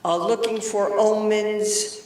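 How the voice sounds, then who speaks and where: Older woman presenter, chatty with quips, slow delivery, recorded far off in a reverberant synagogue room. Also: mid-range voice, fairly even intonation, darkish tone. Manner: chatty, with joking asides to the audience. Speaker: study group presenter. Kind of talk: informal talk to a study group. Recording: roomy and distant from the mic.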